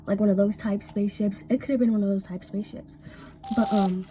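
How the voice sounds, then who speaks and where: A woman's voice: mid-range voice, steady tone, brisk, mellow, slight background noise. A young woman telling a rambling, casual storytime while she paints, full of fillers and swearing, acting out the people in her story. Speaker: vlogger.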